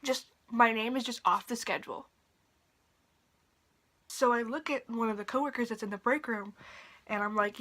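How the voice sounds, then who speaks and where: A young woman with a slightly high voice vents through a profane storytime in a casual vlog. She talks animatedly, now and then sinking to a whisper, recorded in her bedroom late at night. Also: moderate pace, pauses often, fairly bright tone. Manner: drops to a whisper at times. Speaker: vlogger.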